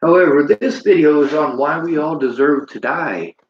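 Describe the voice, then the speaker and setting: This livestream host's voice leans high and moves at a normal speed as he delivers a bitter, sermonizing rant and reads out messages from chat. Slight background noise sits under a roomy, muffled, low-fidelity recording.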